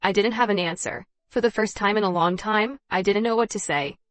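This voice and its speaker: A woman tells a dramatized first-person story in a measured, even read. Her pitch sits in the middle of the range. The recording is dry and close, with no room echo.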